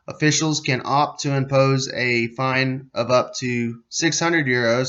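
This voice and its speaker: A man's voice: medium pitch, a bit bright, lo-fi sound. An American man hosting a podcast, reading a news article aloud and breaking off into sarcastic, profane commentary, sometimes losing his place. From United States. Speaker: podcast host.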